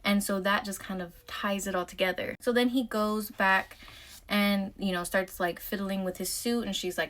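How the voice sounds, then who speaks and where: A woman's voice: mid-range voice, fairly even intonation, moderate pace, a bit bright. A woman casually recapping a novel's chapters, chatty and full of filler words. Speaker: book recap vlogger.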